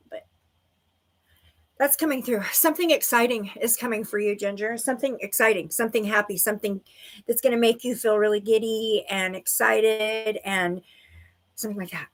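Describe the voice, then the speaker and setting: A woman's voice: medium pitch, a little fast. A woman giving intuitive readings to viewers on a livestream, bubbly and giggly, full of "like" and "okay". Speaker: livestream psychic reader.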